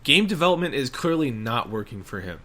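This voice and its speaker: A man co-hosting a casual podcast, talking at an ordinary middle pitch. He rants in a sarcastic, profane way, piling on mocking complaints. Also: very animated, brisk, sharp tone. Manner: sarcastic, swears a lot, rants. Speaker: podcast co-host. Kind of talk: casual chat.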